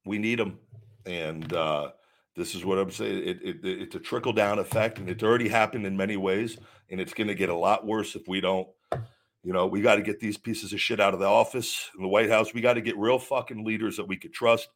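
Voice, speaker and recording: A man's voice: on the low side, fairly even intonation, brisk. A man hosting a podcast, ranting heatedly with lots of swearing and stumbling restarts. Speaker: podcast host. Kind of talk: livestream rant.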